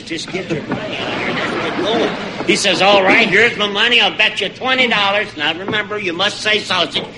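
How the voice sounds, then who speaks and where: An actor playing a brash, wisecracking old gambler who tells a long joke. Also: male voice, high voice, background noise, close to an everyday voice. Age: older. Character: brash old male gambler, cocky and quick-tongued.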